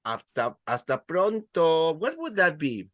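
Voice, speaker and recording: A man's voice: fairly high pitch, big pitch swings, unhurried, a bit bright, dry recording, clean studio sound. A man teaching a beginner Spanish class, counting students in and praising their answers. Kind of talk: classroom language lesson.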